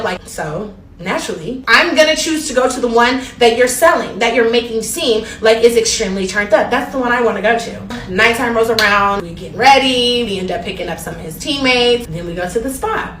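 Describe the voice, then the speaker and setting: A woman's voice: on the high side, slight background noise. A young woman telling a travel story in a casual, gossipy way, talking straight to her viewers. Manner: animated, gossipy, addresses viewers directly. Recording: roomy, distant from the mic.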